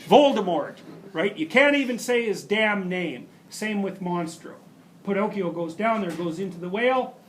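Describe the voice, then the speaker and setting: High-voiced man giving an emphatic lecture. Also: moderate pace, slight background noise. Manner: emphatic, animated storytelling with frequent restarts. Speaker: university lecturer. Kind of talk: university lecture.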